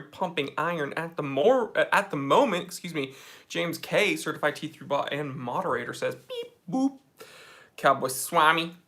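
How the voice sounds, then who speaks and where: A man's voice: mid-range voice, sharp tone. A young man from New England, hosting a casual livestream from his office and reading viewer comments aloud in an upbeat way. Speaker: livestream host.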